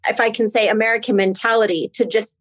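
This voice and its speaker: A woman co-host who gathers the conversation into a thoughtful summary and speaks reflectively. Her voice is slightly high. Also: fairly even intonation, fast. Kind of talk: conversational interview.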